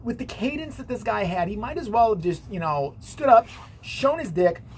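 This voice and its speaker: A woman's voice: medium pitch, animated, normal speed, darkish tone, slight background noise. Sarcastic foul-mouthed woman vlogger. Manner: sarcastic, swears a lot. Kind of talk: casual profane commentary.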